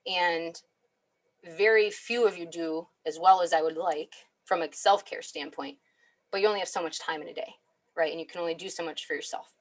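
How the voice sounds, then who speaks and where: A woman's voice: on the low side, normal speed. A woman giving a chatty webinar talk as a clinical psychologist, often asking "right?". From United States. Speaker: clinical psychologist guest speaker.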